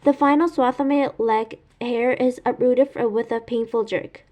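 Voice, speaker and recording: A woman reading a novel aloud in first person at a steady pace, with small slips and self-corrections. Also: a little high, normal speed. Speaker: reader.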